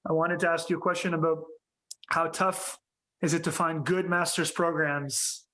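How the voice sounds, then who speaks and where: A man's voice: a little high, steady tone, moderate pace, pushed and bright. A man hosting a casual interview, asking questions loosely with lots of "like" and "you know" over a video call. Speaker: podcast host.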